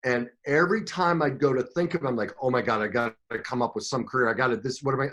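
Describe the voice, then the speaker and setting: Man telling his story, emotional and animated. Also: mid-range voice, quick pace, few pauses. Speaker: podcast guest, coach. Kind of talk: storytelling interview talk.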